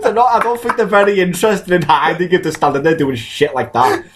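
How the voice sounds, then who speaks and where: A man's voice: a little high, fast talker, a little hiss or hum. A man, co-hosting a podcast and rambling through jokey stories in casual chat. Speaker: podcast co-host.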